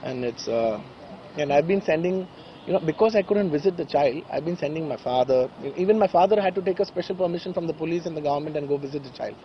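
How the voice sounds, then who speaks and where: A man's voice: a little high, fast talker, dull audio, slight background noise. A man with a background gives an emotional press statement, earnest and repeating phrases insistently. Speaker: speaker at a press conference.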